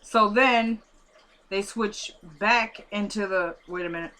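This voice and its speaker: A woman giving a casual, animated recap of a TV episode, acting out the characters' lines and exclaiming over the plot. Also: mid-range voice, slow. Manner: animated, acts out quotes, exclaims. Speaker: TV show recapper.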